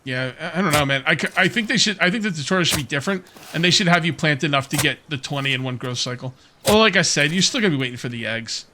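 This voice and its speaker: There's background noise as a man with a fairly high, expressive voice talks fast with few pauses. Playing a survival game, this let's player rambles casually, musing and questioning himself between soft laughs and hiccups.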